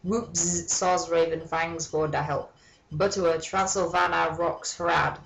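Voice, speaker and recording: A woman's voice: fairly low pitch, fairly even intonation, unhurried, gravelly, fairly bright tone, slight background noise, low-quality recording. A woman giving a mock-dramatic reading of a fan story, breaking off for sardonic, swearing asides. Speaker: comedic reader.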